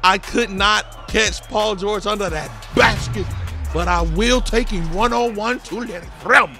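Boastful high gravelly young man. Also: unhurried, sharp tone, soft background music. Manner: boastful trash talk, slips into sing-song. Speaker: gaming YouTuber. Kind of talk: hyped gameplay commentary.

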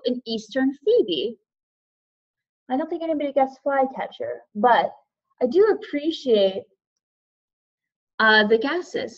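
Friendly and high-voiced, this webinar presenter leads a live online lesson for teachers, working through chat names and guesses one by one and thanking those who take part. Her sound is the dull, lo-fi quality common to webinar feeds.

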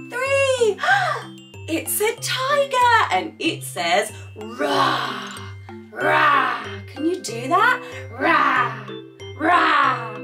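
A woman teaching toddlers in a slow, clear voice, gasping with surprise, singing and imitating animal sounds. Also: sits high, a bit bright, distant mic. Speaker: children's teacher. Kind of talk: toddler learning video.

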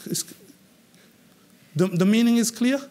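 High-voiced man teaching a class. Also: measured pace. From England. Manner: animated, questioning the class, repeats words. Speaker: English public speaking trainer.

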